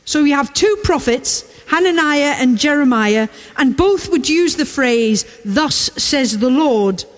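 A high-voiced woman delivers a sermon at an unhurried pace, repeating key lines for weight. Her voice rings out with the long reverb of a large church. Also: expressive. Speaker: preacher.

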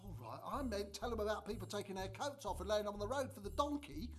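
A man's voice: high voice, lively intonation, fast talker, a bit bright, breathy edge, heavily acted. An actor in a church drama sketch playing a chatty, proud middle-aged trader and father, who tells the story with wry asides.

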